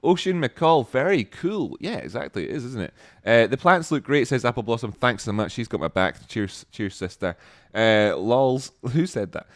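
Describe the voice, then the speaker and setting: Man, stream host, joking and excitable, mid-range voice, dry sound. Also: normal speed, dry recording. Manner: excitable, joking, with sudden high exclamations. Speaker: livestream host. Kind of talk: casual chat reading viewer comments.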